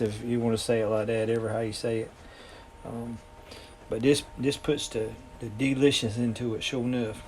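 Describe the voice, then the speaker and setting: A man talks viewers through a recipe in his home kitchen. His delivery is folksy and rambling, full of ums and restarts. His voice sits at an ordinary middle pitch. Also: a little mellow, slight background noise. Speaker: home cooking channel host. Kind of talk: casual cooking demonstration.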